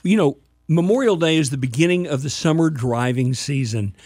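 A man co-hosts a weekend radio talk show in easy banter. His voice sits a little high. The studio sound is dry and close. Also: normal speed, a little mellow, no echo. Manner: reads phone numbers and web address, easygoing. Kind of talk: casual radio chat.

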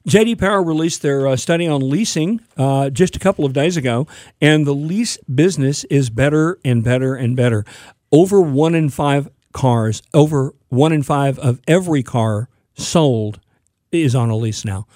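A man's voice: mid-range voice, normal speed, dark tone, no echo, studio quality. A man on a radio show giving plainspoken advice about buying and leasing cars, with frequent fillers. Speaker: car-buying advisor, radio show regular. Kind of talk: casual radio talk.

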